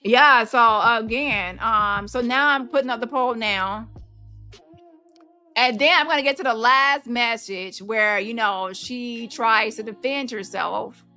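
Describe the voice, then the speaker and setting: Host, woman, higher-pitched and sharp; brash, profane commentary over low music. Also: measured pace. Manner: animated and brash, swears freely, mocks voices. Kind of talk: casual commentary, reacting to online posts.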